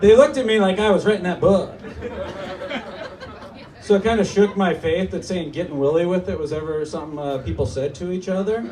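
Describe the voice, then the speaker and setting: A man in his thirties performing a stand-up comedy set in a small cafe, telling stories in a mock-serious, animated way, with laughter behind him. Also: high-pitched, a little fast, some chatter behind. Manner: animated, mock-serious storytelling with put-on voices. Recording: distant mic with noisy room. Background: audience laughter.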